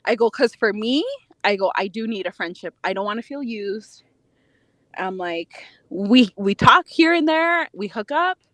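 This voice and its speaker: A woman's voice: mid-range voice, measured pace, no room sound. A woman telling a dating story in casual chat, acting out quotes with lots of laughter. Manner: animated, laughing, acts out quotes. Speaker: podcast guest.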